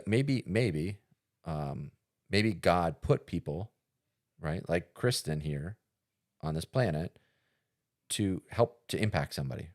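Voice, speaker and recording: Male podcast co-host, very low voice, loose rambling delivery full of "you know" and "like". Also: a little mellow. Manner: rambling, storytelling with many fillers and restarts. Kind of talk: casual podcast chat.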